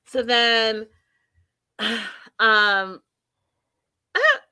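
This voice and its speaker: Casual female recap host, slow, punchy repetition, bright high voice. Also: wildly swooping pitch, clean tone, dry recording. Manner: emphatic, repeats phrases for effect. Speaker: show host.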